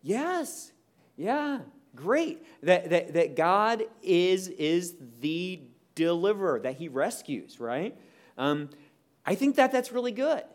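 A man leads a Bible lesson in a voice pitched a little high. He reads scripture aloud with feeling. Between passages he drops into relaxed, informal asides and questions to his listeners. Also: slow pace. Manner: reads expressively, breaks in with casual asides; asks the group questions, informal. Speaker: Bible teacher. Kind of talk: scripture reading with commentary.

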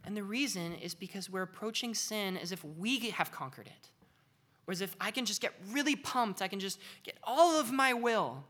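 Bright, animated woman teaching the Bible. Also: mid-range voice. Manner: animated, conversational, earnest. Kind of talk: devotional teaching talk.

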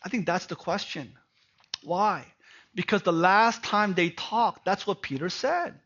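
A man preaching a sermon. He asks rhetorical questions, tags points with "right?", and swings from hushed tones to loud emphasis. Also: sits high, expressive, a little slow, husky. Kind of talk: sermon on a Bible passage. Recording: dull lo-fi recording.

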